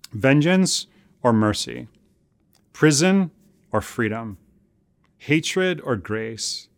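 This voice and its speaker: A man preaching a sermon as a pastor, earnest and deliberate, repeating key phrases for emphasis. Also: mid-range voice, no room sound, studio quality.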